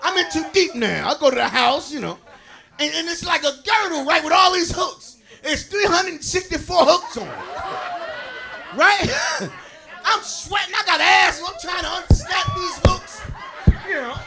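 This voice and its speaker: A man with a Brooklyn, New York accent doing a stand-up comedy set, telling stories loudly and laughing along as he works the crowd on stage. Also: extremely high pitch, wildly swooping pitch, unhurried, gravelly. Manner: loud, laughing, crowd-working storytelling. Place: comedy stage before a live audience. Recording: faint crowd noise in the room.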